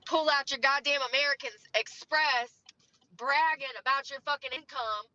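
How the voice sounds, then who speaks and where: Bright high-voiced woman ranting, swearing. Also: moderate pace, recorded from a distance. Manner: heated, profane, venting. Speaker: strip club dancer. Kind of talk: angry rant on camera. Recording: dull lo-fi clip.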